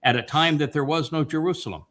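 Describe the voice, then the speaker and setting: A man hosting a family Bible-study talk show, retelling scripture in an impassioned way, with many pauses and fillers. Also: on the high side, a bit bright. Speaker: host.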